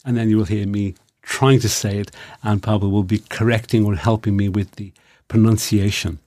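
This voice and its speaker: A man hosting a radio language lesson in a studio, explaining clearly and carefully trying out new phrases. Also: fairly low pitch, steady tone, moderate pace, warm tone, no echo. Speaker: radio program host and learner.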